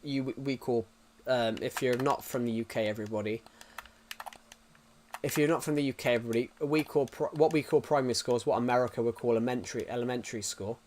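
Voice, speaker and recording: A man's voice: medium pitch, fairly even intonation, fast talker, darkish tone, slight background noise. A young British man streaming live, chatting casually with viewers in a rambling way, full of restarts and fillers. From United Kingdom.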